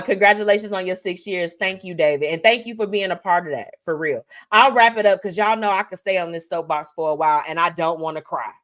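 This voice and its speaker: A chatty woman host with a somewhat low voice, talking in a loose, effusive way on her live talk show. She is heartfelt and warm toward her listeners, running on from one thought to the next. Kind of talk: casual livestream talk show sign-off.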